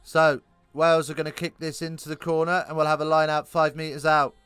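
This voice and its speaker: A man calling a live rugby game, chatty and self-correcting, lifting into excited bursts on big plays. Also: a little high, fast, clear, resonant tone, no room sound, soft background music. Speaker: rugby commentator. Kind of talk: live alternative play-by-play commentary.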